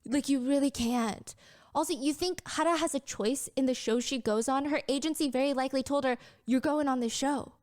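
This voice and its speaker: Brisk, incredulous woman commentary host. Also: sits high, a little mellow. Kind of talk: storytelling commentary, reading out comments. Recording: played back inside a reaction video.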